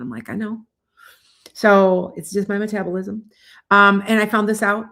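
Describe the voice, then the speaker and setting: A woman's voice: mid-range voice, fairly even intonation, a little fast, a bit bright. Chatty woman nearing sixty. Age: 50s. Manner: chatty, rambling, self-interrupting. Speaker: tarot livestream host. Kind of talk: casual livestream chat. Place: home livestream.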